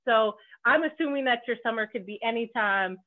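A woman's voice: fairly high pitch, a little fast. Bubbly woman podcast host on a phone-like line. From Canada. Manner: bubbly, joking, swears freely. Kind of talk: casual podcast chat. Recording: phone-like narrow band.

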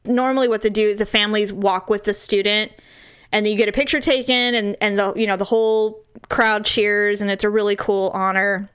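A woman in her forties chatting casually as a podcast host, candid and quick to laugh, with frequent swearing. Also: mid-range voice, steady tone, fairly bright tone, clear, resonant tone, dry recording, clean studio sound. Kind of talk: casual chat.

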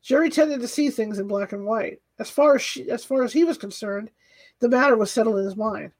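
Woman narrating an audiobook, fairly high voice. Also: a little fast, a little mellow, low-quality recording. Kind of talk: scripted narration.

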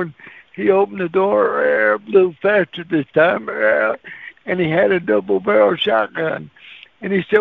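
Gravelly folksy radio preacher, man. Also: high-pitched, moderate pace, no room sound. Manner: folksy, laughs at his own stories. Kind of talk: storytelling radio sermon. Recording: tinny phone-like radio.

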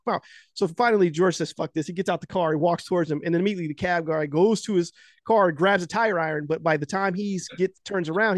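A man's voice: high voice, dry recording. Rambling, profane man in a casual chat. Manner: rambling with constant filler words, profane; animated, laughing retelling.

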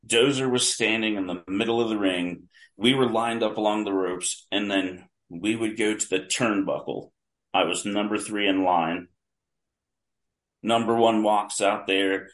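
With a measured pace and a somewhat low, slightly bright voice, this man speaks with fairly even intonation as a guest on a podcast. A longtime wrestling fan, he shares detailed, vivid anecdotes casually, often starting sentences over.

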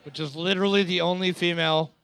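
Co-presentador de voz aguda y áspera. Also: male voice, high-pitched, steady tone, fast talker, creaky, a bit bright, clear, resonant tone, no echo. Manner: dry, crude jokes. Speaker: trivia co-host. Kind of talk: joking banter.

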